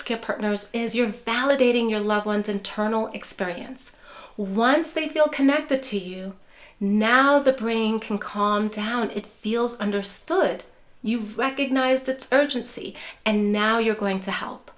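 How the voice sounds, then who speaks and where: A woman's voice: on the high side, measured pace. Soothing woman teaching dementia caregiving. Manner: soft, soothing, repeats "care partners", drops to a gentle hush for example phrases. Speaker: neuropsychologist and dementia care educator. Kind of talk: instructional video talk.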